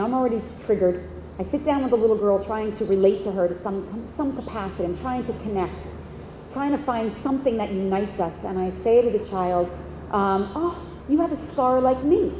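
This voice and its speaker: A woman's voice: mid-range voice, warm tone, reverberant, in a large hall, a little hiss or hum, low-quality recording. A woman giving a keynote speech at an outdoor event, telling a personal story in earnest, emotional, fragmented phrases. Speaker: keynote speaker. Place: outdoor event at a horse park.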